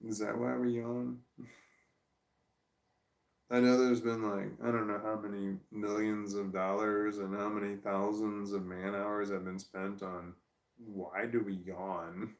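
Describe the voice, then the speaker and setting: With his dog beside him on the couch at home, a tired vlogger rambles and argues with himself, laughing and sighing. He speaks at a measured pace in a lowish, creaky voice with a completely flat delivery, and the sound is reverberant.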